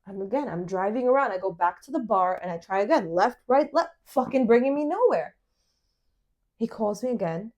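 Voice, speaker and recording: A young woman hosting a podcast, telling a dating story in casual chat, animated and swearing as she acts out the dialogue. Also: on the high side, fairly quick. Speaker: podcast host.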